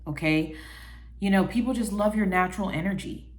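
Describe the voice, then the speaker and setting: A woman vlogger talking casually to her viewers about people who copy her, chatty and animated, often calling the listener baby and acting out what others say. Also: mid-range voice, fairly quick. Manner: chatty, animated, quotes people in little voices. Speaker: vlogger giving life advice. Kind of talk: casual talk to camera.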